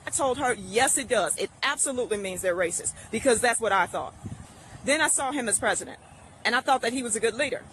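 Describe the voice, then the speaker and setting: A speaker tells a personal story in a steady, matter-of-fact manner. The voice is bright and crisp. A faint hum of outdoor noise runs under the recording. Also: mid-range voice, low-quality recording. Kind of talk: casual personal monologue.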